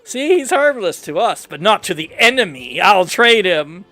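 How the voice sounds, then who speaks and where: A man's voice: high-pitched, very animated, moderate pace, pushed and bright, no room sound, faint music behind. A man casually playing through a story game, playfully reading every character's dialogue aloud in his own voice. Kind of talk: casual game playthrough commentary.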